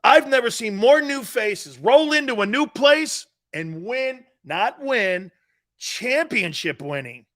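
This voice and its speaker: A man's voice: extremely high pitch, animated, slow, a bit bright. A middle-aged man, a former player turned sports talk host, giving blunt, emphatic opinions and calling the listener "dude".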